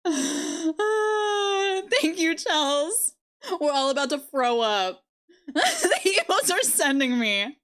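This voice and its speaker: A woman's voice: high-pitched, very animated, slow, a bit bright. A woman live-streaming, chatting casually with her viewers and laughing often. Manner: giggly, bubbly, laughs often.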